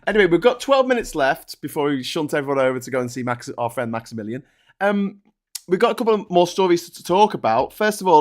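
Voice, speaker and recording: A man's voice: a little high, very animated, fast talker. A man hosting a casual live-stream chat, joking and reading out viewer comments. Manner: jokey, reads viewer comments aloud. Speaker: host.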